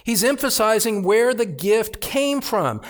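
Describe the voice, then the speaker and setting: A male pastor preaching an expository sermon, emphatic, repeating phrases and swinging from hushed asides to loud outbursts. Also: high voice, very animated, unhurried. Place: church sanctuary.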